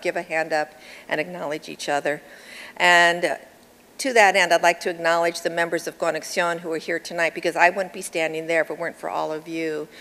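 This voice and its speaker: Middle aged woman giving a chatty award speech, kinda low voice, echoey big hall with people around. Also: gravelly, a bit bright. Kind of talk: acceptance speech at an awards event. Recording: long hall reverb with crowd behind.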